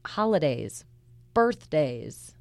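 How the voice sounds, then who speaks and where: A woman's voice: low-pitched, sing-song, very slow, no room sound. A woman news reporter talking through a story in an earnest, conversational way. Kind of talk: podcast news discussion.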